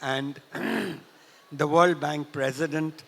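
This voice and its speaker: An older man from Punjab tells a story at a festival talk, often clearing his throat. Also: fairly high pitch, fairly even intonation, a bit bright. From India, Punjab. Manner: clears throat often, unhurried anecdotal retelling. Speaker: festival speaker. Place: large hall at a literature festival. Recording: reverberant hall.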